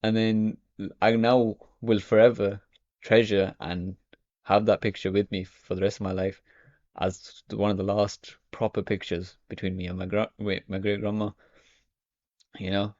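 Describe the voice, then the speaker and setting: A man's voice: lowish voice, little pitch movement, normal speed, a little mellow, no echo. A young man talking casually to the camera as a vlogger, rambling and filling his speech with "you know" and "okay". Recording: dry, dull lo-fi audio.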